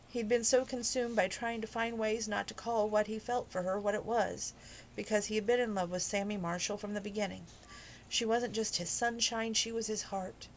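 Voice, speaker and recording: A woman's voice: a little high, a little hiss or hum, low-quality recording. A woman reading a romance novel aloud informally, emotional and adding personal asides. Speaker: audiobook reader.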